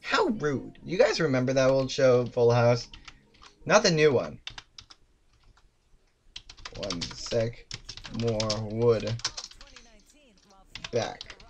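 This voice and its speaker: While playing, a streamer narrates live, swearing constantly, ridiculing themself, shouting out loud, and laughing. The delivery is medium-pitched and expressive but very slow, with long pauses, over a noisy background.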